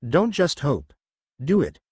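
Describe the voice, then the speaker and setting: A man's voice: a little high, wildly swooping pitch, slow pace, darkish tone, slightly rough, no echo, pitched above the performer's own voice, heavily acted. A man voicing a weary, grumpy male teacher who speaks in a dry, tired tone, in a storybook reading.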